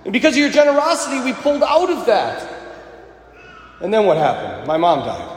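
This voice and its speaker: A male pastor preaching a sermon in a church, swinging between loud emphasis and hushed moments. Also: sits high, expressive, brisk. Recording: echoey hall with faint ambience.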